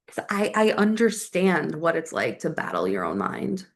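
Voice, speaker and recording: A woman's voice: low voice, very animated, normal speed. Chatty woman hosting an astrology podcast. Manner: chatty, filler-heavy, thinks aloud. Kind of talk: casual solo podcast talk.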